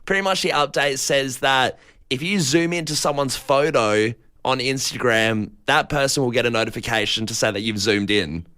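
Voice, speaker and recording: A man's voice: medium pitch, bright, forceful tone, clear, resonant tone. A man co-hosting a breakfast radio show, teasing his partner and laughing along. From Australia. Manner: teasing, quick to laugh and add jokes. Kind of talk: casual radio banter. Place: radio studio.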